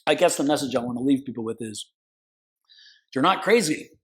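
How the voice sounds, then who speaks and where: A man's voice: medium pitch, lively intonation, a little fast, rough recording. A man, a consumer protection attorney, telling stories casually in an interview, acting out quoted voices and swearing now and then. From California.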